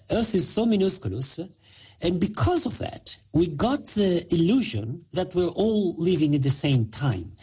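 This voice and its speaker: Husky-voiced man explaining with many pauses. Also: fairly high pitch, warm tone. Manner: halting, many fillers, explanatory. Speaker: physicist guest. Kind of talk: interview answers.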